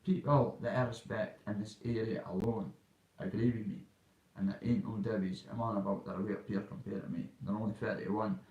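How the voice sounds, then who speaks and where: A man's voice: lowish voice, steady tone, a little fast, a little mellow, slight background noise. A man in his thirties with a Dundee Scottish accent, talking in a blunt, rambling monologue full of local slang. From Scotland. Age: 30s. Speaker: vlogger. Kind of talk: casual monologue. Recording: roomy and off-mic.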